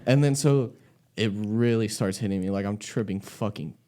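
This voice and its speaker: A man's voice: on the low side, moderate pace, mellow. A young man telling a casual, rambling story on a podcast, swearing a lot and laughing often. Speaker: podcast host.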